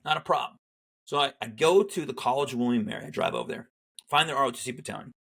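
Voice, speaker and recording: A man's voice: medium pitch, rapid-fire, gravelly, husky. A middle-aged man telling his military story in casual conversation, acting out the people he quotes. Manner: animated, acts out quoted dialogue. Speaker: guest, Army veteran.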